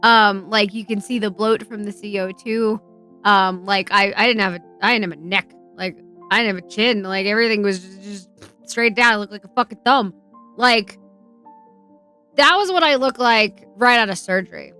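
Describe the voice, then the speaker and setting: A woman streamer telling a personal story in a chatty, emotional way, swearing freely and filling pauses with "um" and "like". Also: mid-range voice, pushed and bright, smooth, soft background music. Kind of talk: casual livestream storytelling.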